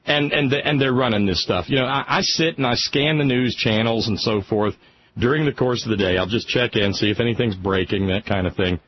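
A man's voice: mid-range voice, fairly quick, a little hiss or hum. A man hosting a radio talk show, speaking with passion and frequent stammering restarts. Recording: muffled lo-fi radio broadcast.

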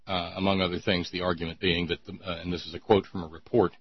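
A man's voice: low-pitched, level tone, fast talker, slightly rough, muffled recording. A man hosting a talk show, chatting in a rambling, sardonic way with many restarts. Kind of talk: casual call-in show banter.

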